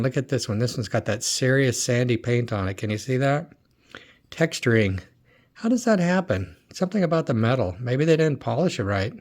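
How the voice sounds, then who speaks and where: A middle-aged man chats his way through a box of old toy cars, muttering and repeating himself as he goes. His voice sits in an ordinary middle pitch. He sounds like he is thinking aloud. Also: darkish tone. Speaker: toy car collector and dealer. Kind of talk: casual unboxing commentary.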